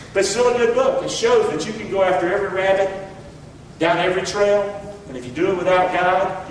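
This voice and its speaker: A male pastor with a high voice preaches a sermon, calling on the congregation to repeat his words back. The church hall sounds echoey and distant, with a little hiss or hum.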